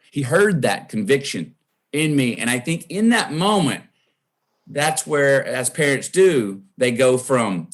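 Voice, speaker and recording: A man with a Texan drawl tells a story in a podcast interview, his pitch rising and falling with lively swings. He acts out the people he quotes as he goes, dropping low and soft for some lines. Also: normal speed. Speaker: guest.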